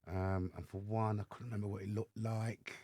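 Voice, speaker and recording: A man with an English accent, a podcast guest telling his life story in lively fashion and acting out the voices of others. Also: lowish voice, normal speed, no echo, clean studio sound. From England. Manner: animated storyteller acting out dialogue. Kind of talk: storytelling interview. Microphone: studio microphone.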